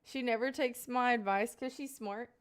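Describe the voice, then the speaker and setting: A woman's voice: a little high, moderate pace. A young woman live-streaming, chatting casually and playfully with her viewers and answering their questions. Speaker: livestreamer.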